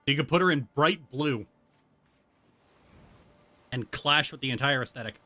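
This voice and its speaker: A man's voice: mid-range voice, measured pace, sharp tone. A man casually chatting while streaming a video game, joking and explaining things with frequent restarts, on a mic with a noise gate. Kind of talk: casual gaming chat. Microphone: headset or desk mic with noise gate.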